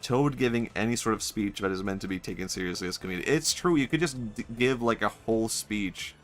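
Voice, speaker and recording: A man's voice: lowish voice, brisk, slight background noise. A male streamer giving casual, joking commentary while playing a game, laughing often and swearing freely.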